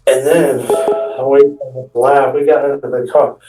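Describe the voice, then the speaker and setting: A man's voice: medium pitch, little pitch movement, moderate pace, recorded from a distance, over music. A young man telling a long, rambling comic story, restarting often and acting out the quotes. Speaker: stand-up comedian telling a story. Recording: echoey room, voice off-mic.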